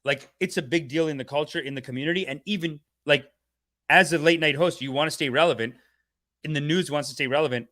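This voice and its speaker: A man's voice: on the high side, a bit bright. A man hosting a comedic satirical rant in a sarcastic, preachy, mock-guru manner. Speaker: comedic channel host.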